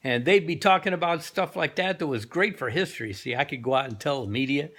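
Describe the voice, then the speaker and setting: A man's voice: a little high, a little fast, fairly bright tone. A man voicing an old male talking Labrador who spins boastful, wistful tall tales.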